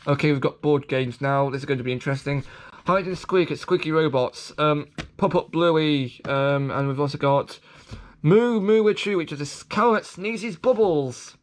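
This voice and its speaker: This man talks at a moderate pace in a slightly high voice as he reviews a toy catalogue for his vlog. The commentary is loose and rambling, full of restarts and jokes at his own expense.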